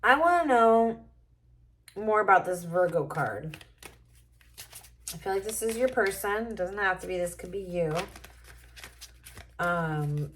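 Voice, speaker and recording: A woman's voice: mid-range voice, expressive, measured pace, long pauses, slight background noise. A woman doing a casual tarot reading to camera, musing and thinking aloud as she turns cards. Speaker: tarot reader.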